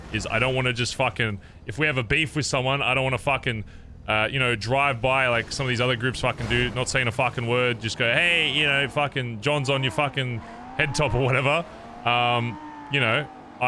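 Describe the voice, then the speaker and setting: A man's voice: mid-range voice, bright, forceful tone, a little hiss or hum. A man in character as a biker club leader in a game role-play, swearing constantly and rambling with many fillers.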